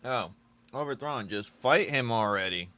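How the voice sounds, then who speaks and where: A man's voice: mid-range voice, expressive, normal speed, bright, forceful tone, a little hiss or hum. A man chatting casually with his viewers while drawing on a live stream, teasing and joking, laughing often.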